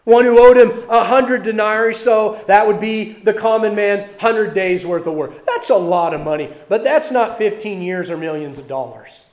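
A man with a notably high voice, preaching a sermon. He reads a passage aloud, then talks it through in a conversational tone, pushing some words out loudly and dropping others to near a murmur. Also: moderate pace, few pauses. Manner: conversational, swings between loud emphasis and quiet asides. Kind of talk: sermon, reading scripture and commenting.

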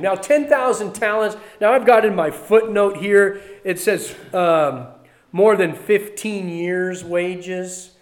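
A male preacher giving a sermon, reading scripture aloud and commenting on it in a conversational way, swinging between loud emphasis and quiet asides. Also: sits high, expressive, measured pace.

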